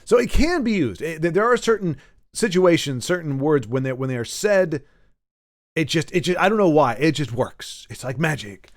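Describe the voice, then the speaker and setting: A man's voice: fairly high pitch, big pitch swings, normal speed, no room sound, studio quality. A man talking alone on a podcast, rambling and emphatic, with frequent restarts and self-corrections. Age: adult who grew up with Nintendo. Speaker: podcast host. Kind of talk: solo podcast monologue.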